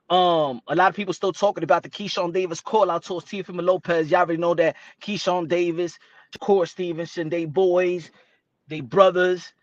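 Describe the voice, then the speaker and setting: A man's voice: high voice, dry recording, dull audio. A man from Brooklyn hosting a casual boxing talk show, talking in streetwise slang and dropping in Spanish phrases.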